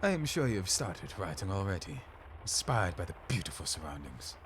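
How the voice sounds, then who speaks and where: A man voicing a refined older male mentor writing a formal letter, read slowly and formally. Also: low voice, sing-song, background noise. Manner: slow, formal letter-reading.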